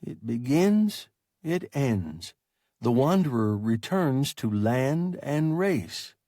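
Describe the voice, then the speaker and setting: A man voicing a calm, philosophical, large and sluggish alien creature that speaks in a measured, formal way in an audiobook. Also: medium pitch, dry recording, clean studio sound. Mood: calm reasoning.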